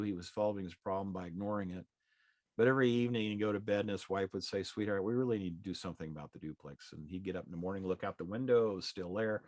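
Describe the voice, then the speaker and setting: A man's voice: low voice, a little mellow, no room sound, studio quality. A middle-aged man, a real estate exam prep instructor, telling an anecdote in a folksy, conversational way and acting out the dialogue. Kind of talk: anecdotal storytelling in a live class.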